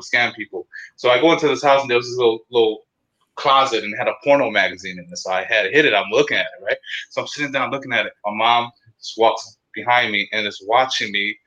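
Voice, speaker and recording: A man with a bright, forceful voice tells rambling, profane stories in a loose podcast chat. The sound is dull and lo-fi. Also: mid-range voice. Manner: rambling, profane, laughs through his stories. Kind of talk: casual storytelling chat.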